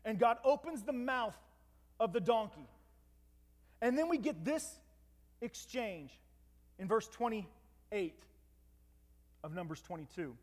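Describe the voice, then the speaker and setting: High-voiced preacher in a reverberant hall. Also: male voice, takes it slowly, long pauses. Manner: lively, dramatic retelling with asides to listeners. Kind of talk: storytelling sermon.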